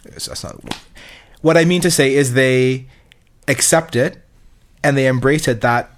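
A man in casual podcast chat, speaking haltingly with restarts and throwing in jokes. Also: mid-range voice. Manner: halting, restarts, joking interjections. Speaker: podcast co-host.

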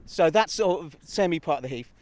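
A man with a high-pitched voice explains things in a rambling, playful way. He is chatting outdoors in a city park. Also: lively intonation, a little fast, darkish tone, no room sound. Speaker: co-host, guide of the walk. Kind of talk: casual outdoor walking chat.

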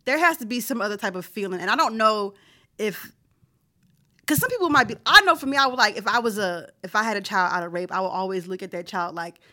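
A woman co-hosting a podcast in casual chat, slangy and animated, laughing often and repeating herself for emphasis. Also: medium pitch, quick pace. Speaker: podcast co-host.

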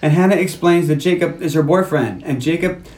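A podcast host in casual chat, retelling movie scenes with laughter, blunt swearing and quick quoted lines. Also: medium pitch, a little mellow, reverberant.

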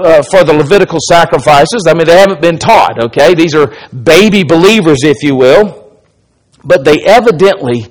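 Male pastor, slightly high voice, conversational sermon delivery with emphatic swells. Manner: conversational teaching with frequent restarts, swells in volume for emphasis. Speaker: pastor and Bible teacher. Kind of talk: sermon-style Bible study.

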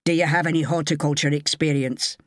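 A woman voicing a gruff, barking older Scottish male head gardener with a Scottish accent, in an audiobook. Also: low voice, steady tone, fairly quick, no echo, studio quality, close to an everyday voice.

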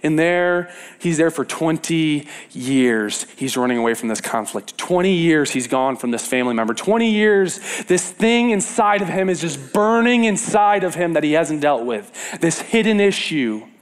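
A man preaching a casual sermon, retelling a Bible story with lively repetition and sudden drops from loud to hushed. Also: fairly high pitch, normal speed, few pauses, clear, resonant tone. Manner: animated storyteller, repeats words for emphasis, swings between loud and hushed; casual and conversational, with fillers and self-corrections.

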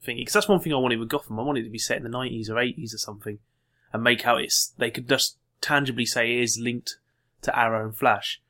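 A man who talks fast in a mid-range voice, keen to jump in with opinions and details. His chat is loose and argumentative without being heated. He sounds relaxed among friends. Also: medium pitch. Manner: chatty, quick to argue and add details. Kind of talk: casual chat.

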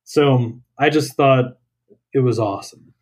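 A young man talks easily as a guest on an interview show, his voice sitting in an ordinary middle pitch. He tells his anecdotes in a loose, relaxed way and laughs along with them. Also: a little slow. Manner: relaxed storyteller, laughs while telling anecdotes. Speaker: guest, dietitian. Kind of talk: casual interview chat.

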